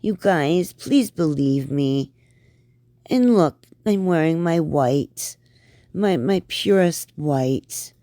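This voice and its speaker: A woman's voice: low voice, expressive, takes it slowly, mellow, no room sound, studio quality, voice pushed up, exaggerated voice. A woman putting on a mocking voice of a prissy, fake-innocent young woman, sarcastic and sing-song.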